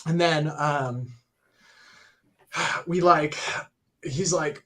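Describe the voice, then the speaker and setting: A young man telling a story in a casual, excited way on a podcast livestream, full of fillers and acted-out quotes. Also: fairly high pitch, moderate pace, pauses often. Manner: excited, animated retelling with many fillers. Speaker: podcast co-host.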